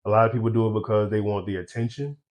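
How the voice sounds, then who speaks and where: A young man talking as a guest in a casual interview, relaxed and laughing often, with easygoing slang. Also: lowish voice, racing. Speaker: guest, eyewear brand founder.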